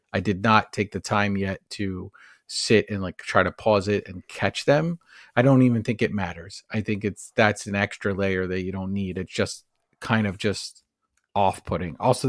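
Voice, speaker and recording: Low-voiced man musing about film. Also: dry recording, studio quality. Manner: rambling, analytical, many fillers and restarts. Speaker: podcast co-host. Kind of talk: casual film discussion.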